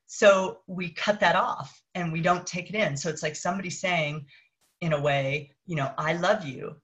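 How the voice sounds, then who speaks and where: Low voiced woman coach on a webcam live, earnest and encouraging. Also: steady tone, a bit bright, lo-fi sound. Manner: earnest, encouraging, slow and soothing in affirmations. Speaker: parenting coach. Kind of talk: live-stream talk and guided affirmation. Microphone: webcam or phone for a live stream.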